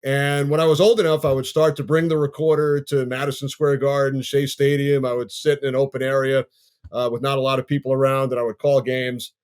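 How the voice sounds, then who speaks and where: A man in his fifties from Long Island, New York, a sports broadcaster telling his story in a measured, easygoing way as a podcast guest. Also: medium pitch, flat delivery, a little mellow, clean tone. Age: 50s.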